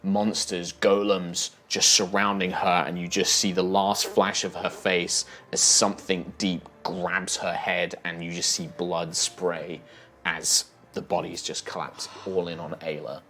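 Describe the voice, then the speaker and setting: Deep-voiced man narrating a tabletop game. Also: level tone, a little slow, pushed and bright, slight background noise. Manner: vivid, descriptive, with fillers. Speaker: dungeon master.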